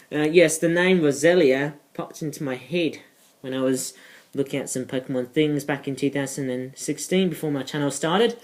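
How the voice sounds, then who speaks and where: Rambling toy reviewer, filler-heavy chat. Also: medium pitch. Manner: rambling, digressive, many fillers. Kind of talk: casual toy review vlog.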